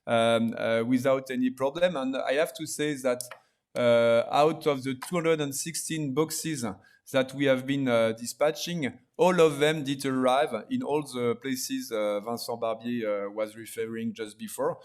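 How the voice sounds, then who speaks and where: A man hosting an online wine tasting over a video call, halting and full of fillers. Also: medium pitch. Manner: halting, many fillers and restarts. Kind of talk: hesitant live presentation.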